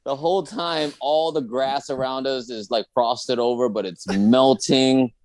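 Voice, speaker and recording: A man's voice: mid-range voice, unhurried, no echo. A man from the Dallas area telling a comic personal story on a podcast, acting out his friends' voices. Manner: animated, acts out friends' voices. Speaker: guest comedian telling a story.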